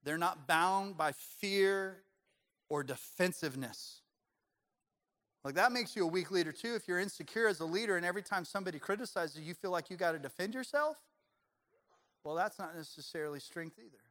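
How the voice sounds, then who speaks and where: A male pastor preaching a sermon in a conversational, animated style with humor, then turning quiet and measured to make his point. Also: high voice.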